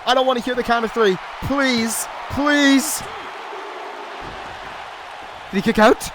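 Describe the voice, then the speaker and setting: A man giving excitable play-by-play commentary on a wrestling video game, pleading and shouting at the action. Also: very high-pitched, slow pace. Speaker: YouTube gaming commentator. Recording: loud game crowd and noise behind voice. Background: video game crowd noise.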